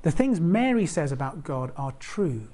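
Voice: mid-range voice, big pitch swings, unhurried, warm tone. A preacher giving a conversational sermon, explaining a Bible passage and putting direct questions to the congregation.

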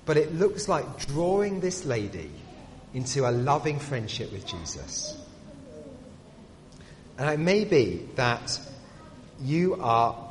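A man preaching a sermon. He asks rhetorical questions and drops to a hush on key phrases. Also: medium pitch, a little hiss or hum. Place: church. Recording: distant voice in a reverberant hall.

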